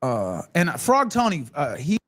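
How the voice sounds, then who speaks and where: A man hosting a casual interview, hesitant and filling pauses with "uh". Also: fairly high pitch, wildly swooping pitch, fairly bright tone. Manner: hesitant, many fillers. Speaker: interview host.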